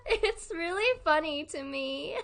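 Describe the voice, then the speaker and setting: Giggly, bright-voiced young woman streamer. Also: extremely high pitch, wildly swooping pitch, takes it slowly. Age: young adult. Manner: giggly, rambling, laughs often. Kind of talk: casual live-stream chat.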